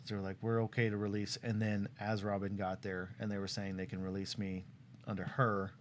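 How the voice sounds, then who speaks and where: A young man casually telling a story to a friend, animated and laughing often as he acts out what people said. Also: fairly low pitch, brisk, a little hiss or hum. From Tucson, Arizona.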